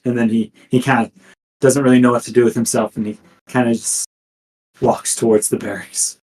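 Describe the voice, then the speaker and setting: Male game master, mid-pitch, casual and hesitant, lots of ums. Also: little pitch movement, moderate pace, a little mellow, poor audio. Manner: hesitant, many fillers. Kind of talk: running a tabletop game.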